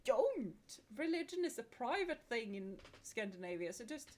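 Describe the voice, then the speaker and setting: Laughing Swedish woman streamer, high voice. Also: sing-song, normal speed. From Sweden. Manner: chatty and frank, laughs between remarks. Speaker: VTuber streamer. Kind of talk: casual chat while streaming a game.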